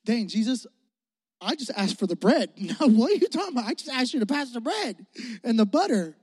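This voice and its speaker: A youth pastor preaches in a loose, joking way, asking the crowd to call back answers and laughing along. The voice sits at a middling pitch. It rings out with a long reverb through a big hall. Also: big pitch swings, fairly quick, a little mellow, husky. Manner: casual, joking, talks straight to the crowd; calls for responses and laughs often. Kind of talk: energetic sermon.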